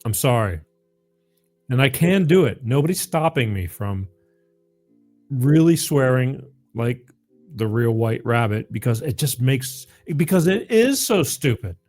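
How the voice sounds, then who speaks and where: A man's voice: medium pitch, lively intonation, measured pace, pauses often, a little mellow, faint music behind. A man hosting his own opinion show, talking emphatically, stumbling over words and restarting. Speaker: podcast host. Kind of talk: opinionated political talk.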